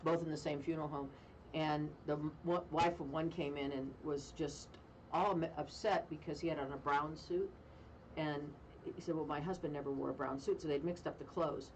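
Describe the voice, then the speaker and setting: A woman radio host telling a funny story in casual chat, animated and self-mocking, with deadpan jokes. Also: low voice, moderate pace, distant mic, a little hiss or hum, rough recording. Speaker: radio talk show host.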